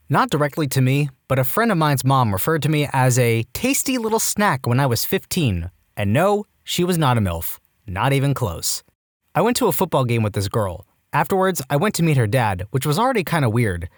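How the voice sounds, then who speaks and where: A man reading reddit stories aloud with animated delivery and wry asides. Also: medium pitch, a little fast, dry recording, clean studio sound. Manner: animated, jumps into quoted voices with wry asides. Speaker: storytime narrator.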